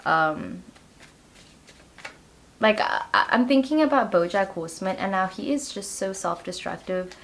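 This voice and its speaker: A tarot reader does a casual pick-a-card reading for her viewers, chatty and giggly, with "like" sprinkled throughout. Her voice is mid-range, and she speaks unhurriedly with long pauses.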